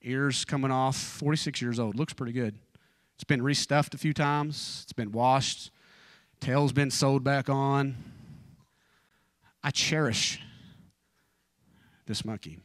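A man in his forties preaching an evening church sermon, telling personal stories informally with joking asides, and dropping low and fervent in prayer. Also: steady tone, takes it slowly, pauses often, dry recording, studio quality. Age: 40s.

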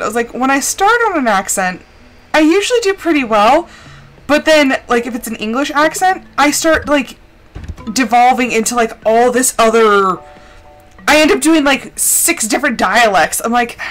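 A woman's voice: a little high, expressive, moderate pace, soft background music. A woman streamer chatting casually while playing a game, rambling with lots of filler words. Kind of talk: casual gameplay chat.

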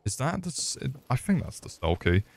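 A man's voice: mid-range voice, wildly swooping pitch, moderate pace, gravelly. A young Englishman streaming a game, joking crudely, swearing often and chatting back to his viewers. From England. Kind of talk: live gameplay commentary.

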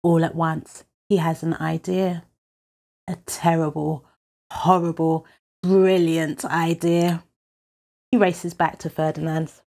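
A woman reading a children's picture book aloud in an expressive storytelling way. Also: deep voice, gravelly. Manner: expressive, unhurried.

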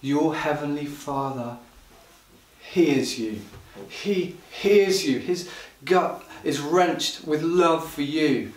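A man delivering a sermon at a slow, deliberate pace, building into passionate, pleading cries. His voice sits at a middle pitch and rings through a roomy hall, picked up from some distance off the mic. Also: steady tone. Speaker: pastor. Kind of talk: livestreamed sermon. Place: church hall.

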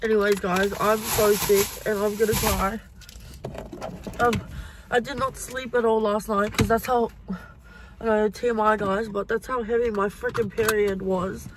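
A woman's voice: mid-range voice, level tone, unhurried, background noise. Chatty young woman vlogging. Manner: chatty, swears freely. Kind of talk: casual vlog chat. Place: car in the city.

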